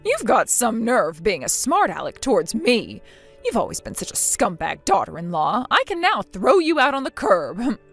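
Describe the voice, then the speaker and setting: A synthetic woman's voice playing a spiteful, bossy older mother-in-law in a text-chat story, scolding with contempt and a lively pitch. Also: normal speed, faint music behind, full character voice. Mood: scornful.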